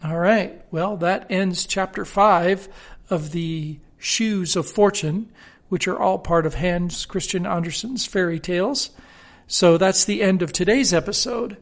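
A man hosting a podcast, reading a classic fairy tale aloud in a steady, measured way. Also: high-pitched, gravelly. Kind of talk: storybook reading.

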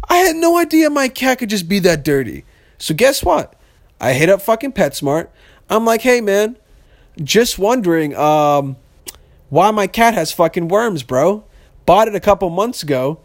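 A young man hosting a casual solo podcast, rambling and swearing freely in slangy talk. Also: sits high. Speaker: podcast host.

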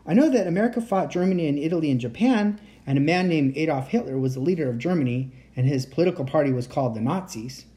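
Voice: mid-range voice, expressive, quick pace, few pauses, mellow, close to an everyday voice. A reader voicing a thoughtful, cautious young boy in an audiobook story. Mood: earnest.

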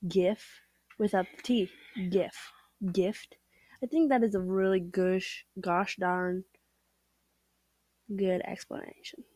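A woman's voice: mid-range voice, steady tone, slow pace, long pauses, warm tone, no echo. A young woman from the Midwest co-hosting a podcast, teasing and blunt in casual banter. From American Midwest. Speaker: podcast co-host. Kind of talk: casual chat.

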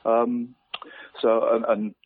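A man's voice: mid-range voice, completely flat delivery, takes it slowly. A man giving a football league round-up on a radio show, hesitant and repeating words, calling the host "mate" all the time. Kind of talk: radio sports round-up over the phone. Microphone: phone line. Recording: tinny phone line.

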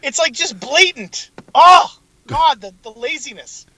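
A man's voice: extremely high pitch, animated, a little slow, sharp tone, no room sound, poor audio. A man co-hosting a casual podcast, blunt and exasperated, swearing often as he complains about a TV show. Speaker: podcast co-host. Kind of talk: casual chat.

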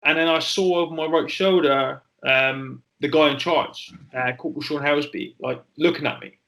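A man in his forties telling a personal story in an interview, candid and halting, with frequent fillers and swearing. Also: fairly high pitch, steady tone, gravelly, sharp tone, rough recording. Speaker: interview guest, former soldier.

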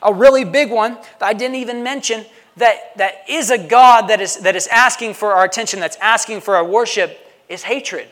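Recorded with the lengthy reverb of a big hall, a male pastor gives a conversational sermon. His voice is high-pitched and fairly bright at a moderate pace, and he checks in with listeners by asking "right?" again and again.

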